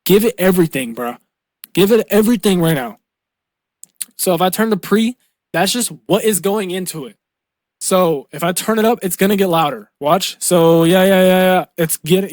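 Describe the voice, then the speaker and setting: High-voiced young man, slangy mixing tutorial. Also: no echo, studio quality. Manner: loose slangy talk, says "bro" and "boom" a lot. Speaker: music producer teaching vocal mixing. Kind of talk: casual screen-recorded tutorial. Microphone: close studio mic.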